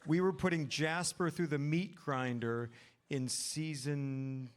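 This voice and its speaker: A man's voice: on the high side, steady tone, slow. A man speaking as a producer on a panel, telling behind-the-scenes stories eagerly and often repeating his words. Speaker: producer of the show. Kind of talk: casual panel Q&A.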